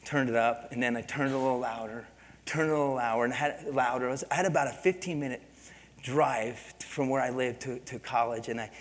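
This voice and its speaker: A middle-aged male pastor preaching an animated story-driven sermon, his voice sitting at an ordinary middle pitch. He swings from quiet confiding lines up to loud shouts. The sound carries the long reverb of a church sanctuary. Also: fast talker.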